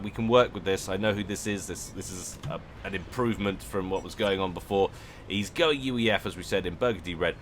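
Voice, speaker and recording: A man's voice: on the low side, fairly bright tone, slight background noise. A man giving casual, jokey commentary on a strategy game match, chatty and often correcting himself. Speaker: game caster.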